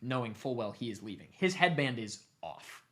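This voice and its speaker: A young man casually retelling a long story to his family, animated and cursing offhandedly. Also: mid-range voice, moderate pace. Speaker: streamer host.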